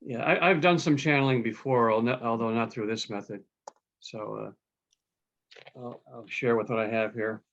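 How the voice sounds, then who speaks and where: A man speaking over a video call whose audio sounds dull and lo-fi, with a middling pitch. He talks hesitantly, often stopping to correct himself, with an easy chuckle. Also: steady tone, moderate pace, a bit bright. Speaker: workshop participant. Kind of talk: casual group sharing.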